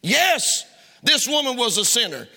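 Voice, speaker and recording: Preaching to his congregation in a church sanctuary, a middle-aged pastor sounds extremely high-pitched, pushed and bright, and very animated, though he never hurries. His sermon is impassioned and packed with rhetorical questions, all carried on the long reverb of the hall.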